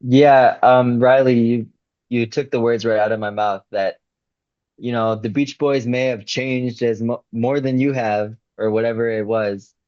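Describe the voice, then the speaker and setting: A man's voice: medium pitch, fairly even intonation, unhurried, darkish tone, no echo. A man co-hosting a music podcast, talking in a thoughtful, reflective way. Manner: thoughtful, reflective, says "you know" often. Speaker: podcast co-host. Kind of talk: casual chat. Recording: dull dry lo-fi mic.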